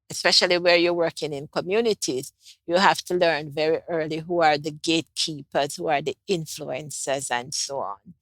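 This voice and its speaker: In an interview, a woman talks about a climate project under her leadership, pausing often with ums and starting sentences over in a measured manner. Her voice sits low with a slightly bright quality, and there's no room sound.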